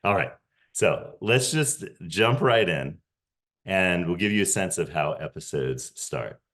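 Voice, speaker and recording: Man, forties, extremely low pitch, hesitant with fillers, podcast host, video call. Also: animated, a little slow, a bit bright. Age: 40s. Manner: hesitant, many fillers and restarts. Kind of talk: casual talk to a reunion audience.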